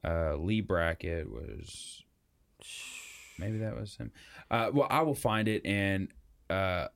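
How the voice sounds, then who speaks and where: A man with a lowish voice co-hosts a casual movie podcast. He rambles, swears freely and trips over his own restarts. The talk stays easygoing and opinionated. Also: animated, slow pace, creaky. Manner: rambling, profane, restarts often. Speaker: podcast co-host. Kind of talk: casual movie review chat.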